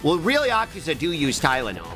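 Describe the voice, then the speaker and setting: A man's voice: fairly high pitch, wildly swooping pitch. Swearing, joking male streamer over game music. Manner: crude, joking, quick to swear. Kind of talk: casual gameplay commentary.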